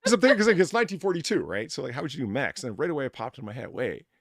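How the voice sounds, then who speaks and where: A man hosting a casual chat, animated and laughing, with frequent restarts. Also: medium pitch, racing, vocal fry, no room sound, clean studio sound. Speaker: host.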